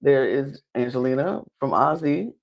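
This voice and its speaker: A woman recapping a reality show in casual talk. She is animated, laughs often, and acts out other people's lines with big jumps in pitch. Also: normal speed, vocal fry, lo-fi sound. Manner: laughs often while talking. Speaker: podcast guest.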